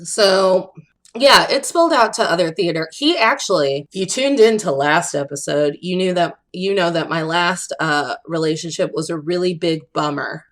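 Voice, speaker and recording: A young woman co-hosting a casual podcast chat, her voice sitting a little low. She tells stories with lots of energy, puts on the voices of the people she quotes, and breaks into laughter often. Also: moderate pace. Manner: animated storyteller, acts out quotes, laughs often. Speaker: podcast co-host.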